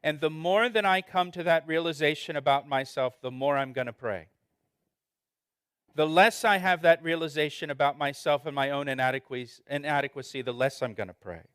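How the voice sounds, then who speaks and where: Guy preaching, kinda high voice, talks plain and earnest, stumbles and restarts a lot. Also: a little fast, a bit bright, clean tone, no echo, studio quality. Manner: earnest, conversational, frequent restarts and repeated words. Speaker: pastor. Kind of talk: expository sermon.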